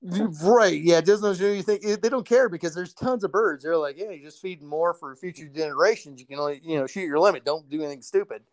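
A man's voice: on the high side, fast talker, few pauses, no room sound. Profane laid-back man telling hunting stories. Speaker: podcast co-host. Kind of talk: casual chat.

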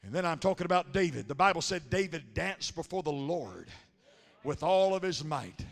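A man preaching a Pentecostal sermon in a church, telling stories in a quick, rhythmic cadence and building up to shouted, chanted lines. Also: fairly high pitch, lively intonation. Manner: punctuates lines with a breathy "huh". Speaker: pastor. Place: large church sanctuary. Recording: live sermon with long hall reverb.

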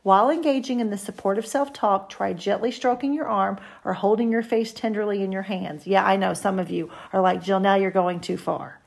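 Gravelly-voiced woman hosting a self-help podcast. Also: mid-range voice, a little fast, hardly any pauses. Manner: chatty, coaching the listener directly. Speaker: podcast host.

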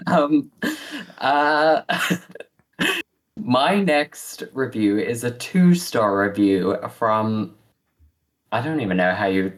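Podcast co-host in casual chat, giggly, husky, unhurried delivery, pitch swooping up and down. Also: big pitch swings, low-quality recording. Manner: giggly, trailing off with fillers. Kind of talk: casual chat reading film reviews.

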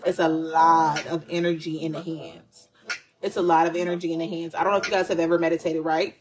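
A woman's voice: low-pitched, little pitch movement, fairly quick, rough recording. A woman giving a casual tarot reading, chatty and profane, who repeats phrases for emphasis and calls her listeners "y'all". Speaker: tarot reader.

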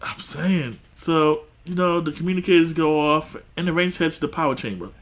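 A laid-back man recounting what happens in an episode, chatting with a friend. His voice is slightly high for a man, and he laughs easily between lines. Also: fairly quick. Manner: laid-back, laughs often, narrates plot. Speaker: podcast co-host. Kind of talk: casual recap chat.

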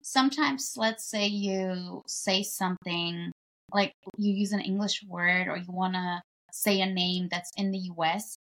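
Gravelly, animated woman guest. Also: medium pitch, a little slow. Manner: animated storyteller acting out quoted exchanges. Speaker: podcast guest. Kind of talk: casual chat.

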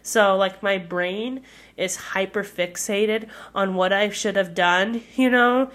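A woman's voice: mid-range voice, fairly even intonation, slow, fairly bright tone. A young woman hosting her own podcast in casual solo talk, hesitant and candid, with many fillers. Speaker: podcast host.

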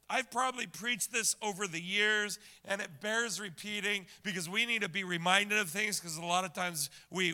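A male pastor preaching to his congregation in a high, very bright, ringing voice. He repeats a line again and again, going from a shout down to a hush. Now and then he turns to the room with a quick question. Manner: repeats lines over and over, swinging from loud shouts to hushed whispers; talks straight to the congregation with quick asides and questions. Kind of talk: sermon.

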